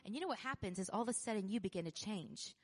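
A woman pastor preaching a sermon in an animated way, laughing often, repeating phrases and building to loud emphasis. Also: medium pitch, fast talker, slightly rough, soft background music.

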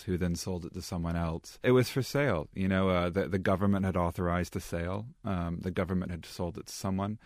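A man speaking as a guest analyst in a studio discussion, emphatic and halting, with many restarts. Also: low-pitched, darkish tone, dry recording.

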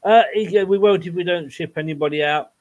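A man's voice: sits high, fast, darkish tone. A man co-hosting a football podcast, talking bluntly and swearing, with rambling asides. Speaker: podcast co-host. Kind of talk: casual football chat. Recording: dull lo-fi sound.

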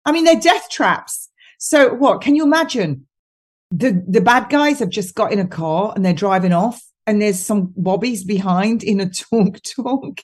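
A woman's voice: medium pitch, animated, measured pace, slightly rough. A woman talking on a podcast as a guest, chatty and mocking, laughing often as she tells stories. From United Kingdom. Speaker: guest nutritionist. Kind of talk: casual podcast chat.

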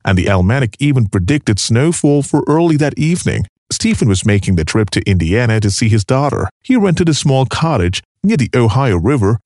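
A man narrates a grim true story, reading with drama and expression. His mid-pitched voice rises and falls a great deal, and his delivery sounds animated. The sound is dry and close to the mic, with no room echo.

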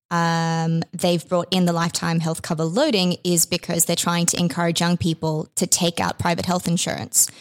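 A woman co-hosting a podcast in casual chat, talking freely with lots of fillers and the odd swear word. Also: on the low side. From immigrant living in Australia. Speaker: podcast co-host.

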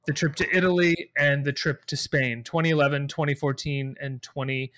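Upbeat higher-voiced man hosting a film podcast. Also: steady tone, moderate pace, a bit bright. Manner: enthusiastic, lists titles and dates. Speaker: podcast co-host. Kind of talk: casual film discussion.

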